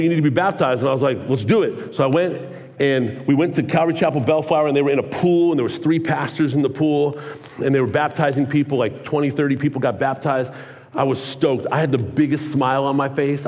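A man in his forties preaching a sermon, telling a personal story with energetic, earnest, excitable delivery. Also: medium pitch, lo-fi sound. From California. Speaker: pastor. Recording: long hall reverb.

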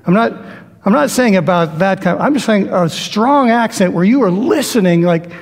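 A man's voice: high voice, expressive, normal speed. A man preaching a sermon in a conversational way, acting out the voices he quotes. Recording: long hall reverb.

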